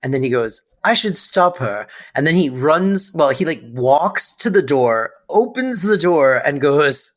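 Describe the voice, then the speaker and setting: A woman's voice: sits low, expressive, measured pace, few pauses. A woman co-hosting a podcast, chatting casually about a sitcom episode, playful and laughing as she re-enacts scenes. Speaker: podcast co-host.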